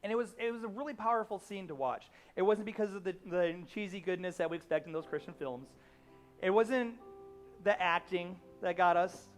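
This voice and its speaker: Pastor with a higher man's voice. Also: a little fast, faint music behind. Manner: conversational storytelling with fillers, acting out quotes. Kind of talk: sermon.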